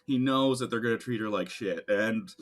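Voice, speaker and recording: A man's voice: on the low side, moderate pace. Laid-back man co-hosting a podcast. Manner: relaxed, rambling, swears freely and laughs often. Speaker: podcast co-host. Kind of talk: casual chat recapping a show.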